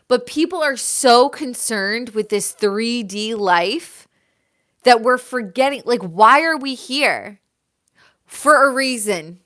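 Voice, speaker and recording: Bright-voiced woman hosting a livestream. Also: a little high, unhurried. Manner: rambling and emphatic, with filler "like". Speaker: host of a live show. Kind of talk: casual livestream monologue.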